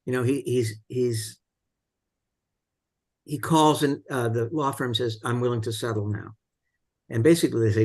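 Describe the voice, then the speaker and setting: A man's voice: medium pitch, moderate pace, long pauses, a little mellow. A man hosting a film discussion, retelling scenes casually with many fillers and restarts.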